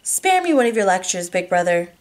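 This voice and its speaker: A woman voicing a bubbly, pushy young woman who is the narrator's little sister, talking loud and excited. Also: mid-range voice, a little fast, natural voice.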